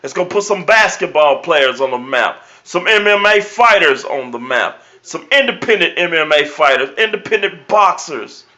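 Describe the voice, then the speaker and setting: Guy doing a sports vlog, loud bold picks, keeps repeating himself, bright punchy voice. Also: fairly high pitch, lively intonation, normal speed, hardly any pauses. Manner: brash, emphatic predictions; repeats catchphrases. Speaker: sports show host. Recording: dull lo-fi recording.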